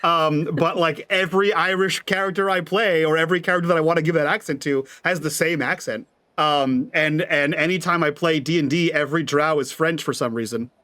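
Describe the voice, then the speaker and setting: Frank man giving blunt advice, higher voice. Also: fairly even intonation, brisk, pushed and bright. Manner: frank, coaching, swears casually. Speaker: player. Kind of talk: casual advice in a tabletop game chat.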